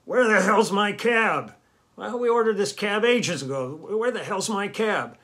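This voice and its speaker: A man voicing a grumpy older man with a cane, gruff and impatient. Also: a little high, big pitch swings, a little fast. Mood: angry.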